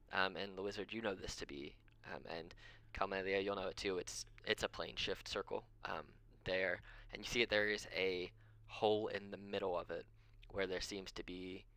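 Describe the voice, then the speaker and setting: A man's voice: low voice, fairly even intonation, moderate pace, a bit bright, no echo. A man narrating a tabletop game as game master, rambling with lots of ums and frequent chuckles.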